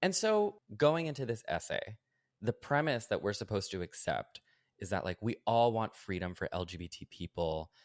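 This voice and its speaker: A male podcast host in casual commentary. His low voice swings up and down as he makes sarcastic points, filled with "like". The sound is dry and close. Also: moderate pace, no echo. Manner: sarcastic, animated, uses lots of "like".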